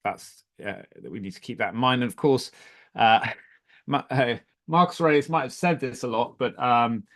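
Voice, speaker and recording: A man's voice: mid-range voice, moderate pace. A man presenting a live online talk, speaking conversationally with frequent ums and restarts, with light humour as he answers the audience chat. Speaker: webinar presenter.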